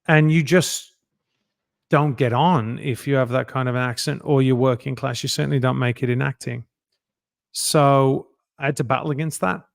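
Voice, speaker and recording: A man's voice: mid-range voice, fairly even intonation, moderate pace, creaky, no echo, studio quality. A man in his fifties with an English Midlands accent, a guest talking candidly and self-deprecatingly in a casual interview. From England, near Birmingham. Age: 50s. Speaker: guest, actor.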